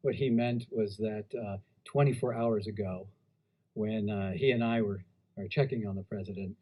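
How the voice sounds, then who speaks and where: Halting doctor with a mellow voice. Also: male voice, lowish voice, steady tone, low-quality recording. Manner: hesitant, halting, many restarts. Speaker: physician at a press briefing. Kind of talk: press briefing answers.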